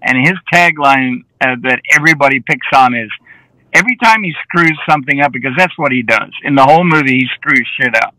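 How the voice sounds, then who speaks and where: A man, a film director, telling lively anecdotes as an interview guest and often acting out the dialogue he quotes. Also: mid-range voice, fairly quick, dry recording, low-quality recording. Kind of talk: casual interview storytelling.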